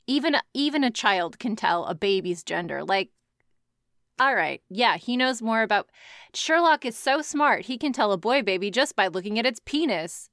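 A woman with a smooth, clear voice reads fan fiction aloud and keeps stopping to roast it. Her asides are sarcastic and full of swearing. The recording is close and dry. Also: on the high side, expressive, normal speed, fairly bright tone, no echo. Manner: sarcastic, profane, laughs often. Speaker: reader reacting to fan fiction. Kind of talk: reading aloud with comic commentary.

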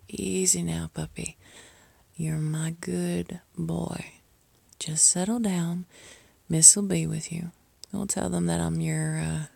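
A woman's voice: deep voice, gravelly, mellow, no room sound. A woman in an audio role-play, speaking as a caring mistress to the listener, by turns scolding and tender, often dropping to a whisper.

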